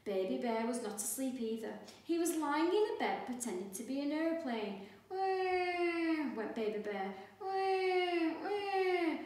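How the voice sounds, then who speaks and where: A woman teacher reading a picture book aloud to young children, slow and expressive, doing the sound effects. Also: fairly high pitch. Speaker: primary school teacher. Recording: echoey room, mic far off.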